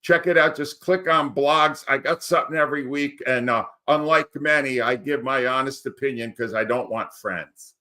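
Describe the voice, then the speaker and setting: A man in his sixties speaks as a guest on a talk show. He looks back on a long radio career in a reflective, easy way. His voice sits in a plain middle pitch. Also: normal speed, hardly any pauses, sharp tone. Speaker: retired sports radio host, guest. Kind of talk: casual interview chat.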